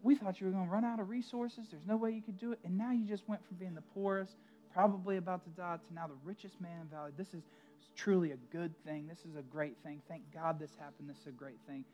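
A man's voice: a little high, level tone, a little fast, lo-fi sound, natural voice. A man voicing nosy, gossiping neighbors who overstate every turn of luck in a sermon story. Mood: amazed. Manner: exclamatory, overstated.

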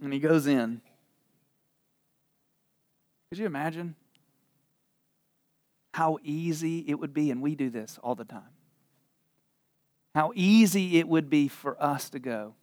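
A man preaching a sermon, reading scripture slowly and dramatically, then retelling it with laughs and casual asides. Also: fairly high pitch, no room sound, clean studio sound. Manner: animated storytelling with frequent laughs and asides.

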